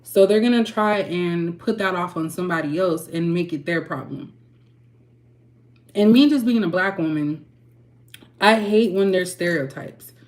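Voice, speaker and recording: Woman, tarot-reading vlog host, lowish voice, frank heated rant, frequent throat-clearing. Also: unhurried, a little mellow. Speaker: tarot reader and channel host. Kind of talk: candid ranting vlog.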